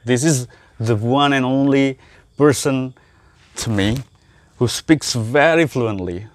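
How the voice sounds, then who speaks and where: A man's voice: mid-range voice, slow, slight background noise. Curious Indonesian man hosting a chat. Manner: curious, encouraging with many backchannels. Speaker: host asking questions. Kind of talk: casual chat in English.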